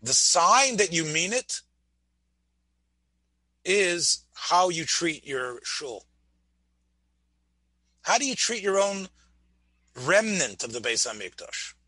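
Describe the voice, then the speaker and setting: A man's voice: high voice, big pitch swings, takes it slowly, pauses often, sharp tone, dry recording. A man giving a Torah class, asking his listeners questions and often restarting his words. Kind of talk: Torah lecture.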